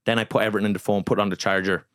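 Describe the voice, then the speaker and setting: A young adult Irish man, a comedian guest, telling a story in casual chat, animated and profane, acting out quotes. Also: fairly low pitch, rapid-fire. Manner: animated, swearing, acting out quotes in his anecdotes.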